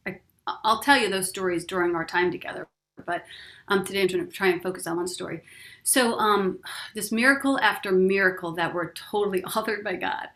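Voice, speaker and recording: A woman giving a casual spiritual teaching talk. She tells personal stories in a chatty, expressive way, laughs often and speaks straight to the listener. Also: a little high. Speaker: spiritual teacher leading a course.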